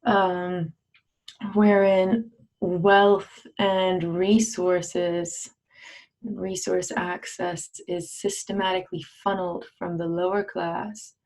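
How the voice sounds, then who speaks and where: A woman from Brooklyn, a guest on a video chat, speaking in a deliberate and earnest way. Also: on the low side, flat delivery, a little mellow, rough recording.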